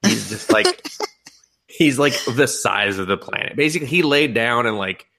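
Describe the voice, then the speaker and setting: A man's voice: medium pitch, moderate pace, creaky. A young man on a casual podcast, retelling a film with lots of swearing, laughter and mocking quoted voices. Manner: animated, profane retelling with laughs and mock quotes. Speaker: podcast co-host. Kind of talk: casual anime podcast chat.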